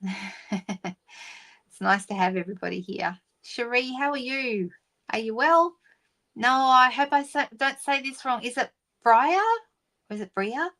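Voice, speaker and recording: A middle-aged woman hosts a live stream in a relaxed, chatty way. She greets viewers one by one and talks through her plans with easy fillers. Her voice sits at an ordinary middle pitch. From Australia. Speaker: papercraft demonstrator hosting a live stream. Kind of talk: casual live-stream chat.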